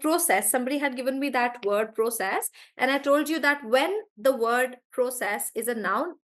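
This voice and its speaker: A woman's voice: high voice, a bit bright. A woman teacher, chatty in a live online class, explaining word stress through spoken examples. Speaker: English pronunciation teacher.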